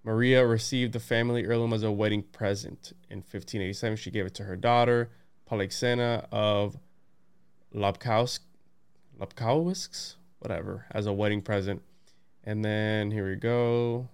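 Homme animé qui dit « bro ». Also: male voice, fairly low pitch, moderate pace, smooth. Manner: excited, laughing, says "bro" and "dude". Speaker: podcast host. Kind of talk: casual chat, reading aloud.

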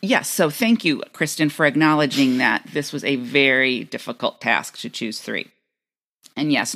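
A woman's voice: extremely low pitch, vocal fry, a bit bright. A woman co-hosting a podcast, reflectively sharing a childhood book memory in casual chat. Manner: reflective, storytelling. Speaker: podcast co-host.

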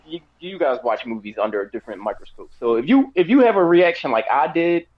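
Lively rambling man reviewing a movie. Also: on the high side, fast talker, lo-fi sound. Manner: animated, rambling, frequent fillers and restarts. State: has the hiccups. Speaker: podcast co-host giving a movie review. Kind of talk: casual chat.

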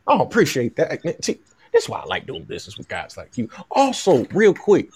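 A man putting on a slow Southern sports agent. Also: on the high side, wildly swooping pitch, a little mellow, husky, pitched above the performer's own voice, heavily acted. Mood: smooth, pushy. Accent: put-on Southern US. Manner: slow, polite, wheedling deal-making. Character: smooth-talking male sports agent, pushy.

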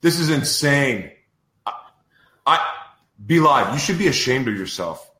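A man's voice: mid-range voice, expressive, measured pace, bright, forceful tone, roomy sound. A man hosting a podcast in a casual live-stream chat, exasperated and ranting over technical trouble. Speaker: podcast host.

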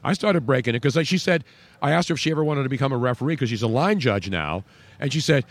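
A man's voice: medium pitch, lively intonation, fast. A man hosting a casual radio talk show, joking and rambling.

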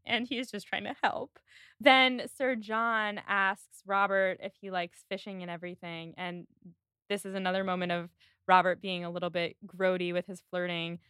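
Woman podcast host, bright voice, dry close sound, rambly and chatty. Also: mid-range voice, moderate pace, clean tone, dry recording. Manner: chatty, animated retelling with lots of "like". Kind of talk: casual chat recapping a film.

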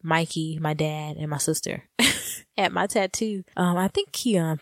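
A young woman, co-hosting a podcast, telling stories in a casual, animated way and laughing often. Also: deep voice, measured pace, no room sound, studio quality. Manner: animated, laughing often, addresses listeners as y'all. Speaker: podcast co-host. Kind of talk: casual storytelling chat.

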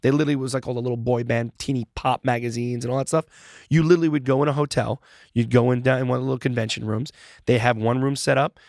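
A man in his forties, a guest chatting casually in an interview and acting out quotes as he tells animated stories. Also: mid-range voice, quick pace, dry recording, clean studio sound. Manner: animated storyteller who acts out quotes, swears casually.

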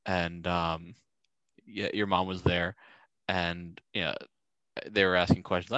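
A deep-voiced man chatting casually. He rambles through his stories, filling the pauses with ums and uhs. The sound is dry and close, with no room echo. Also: level tone, a bit bright, lo-fi sound. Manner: rambling storyteller, many ums, acts out quotes. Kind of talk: casual chat.

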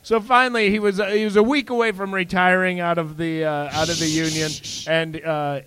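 Animated high-voiced joke-telling man. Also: fairly quick, clear, resonant tone. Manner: animated storyteller, acts out lines. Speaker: podcast host. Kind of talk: casual joke-telling chat.

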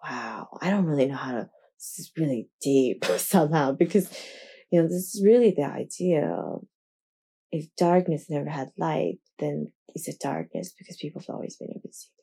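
Sleepy, husky woman rambling through a story. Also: low voice, big pitch swings, normal speed, dark tone. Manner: rambling, giggly, self-correcting. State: half asleep. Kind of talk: improvised bedtime-style narration.

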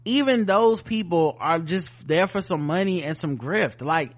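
Male podcast co-host with a slightly higher voice. Sardonic, cusses freely, reads headlines and then riffs. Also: expressive, measured pace. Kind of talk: casual news-commentary chat.

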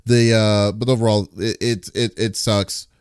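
A man hosting a casual podcast, talking with halting restarts and wrapping up with an upbeat sign-off. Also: lowish voice, flat delivery, clean tone, dry recording, studio quality. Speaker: podcast host.

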